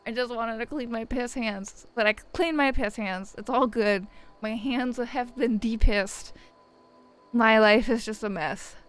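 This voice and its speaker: A woman's voice: fairly high pitch, measured pace, smooth, soft background music, poor audio. A young woman streamer telling a rambling, profane story in casual chat, often laughing. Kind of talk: casual chat while gaming.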